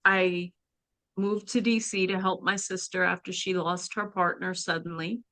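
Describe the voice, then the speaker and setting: Woman guest, earnest halting storyteller, bright tone, slow delivery, dry close sound. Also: lowish voice, fairly even intonation, dry recording. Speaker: guest, spiritual practitioner. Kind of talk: personal storytelling in a podcast interview.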